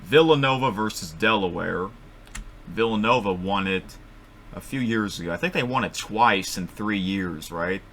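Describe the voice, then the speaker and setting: A man thinking aloud as he makes picks at his computer microphone, rambling and correcting himself, with sudden excited outbursts. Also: lowish voice, moderate pace, a little hiss or hum. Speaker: vlogger making bracket picks. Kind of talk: casual thinking-aloud commentary.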